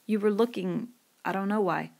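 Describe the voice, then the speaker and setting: A woman voicing an eager, boastful schoolboy. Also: gravelly. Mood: scornful. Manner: excited, quick, lifted pitch.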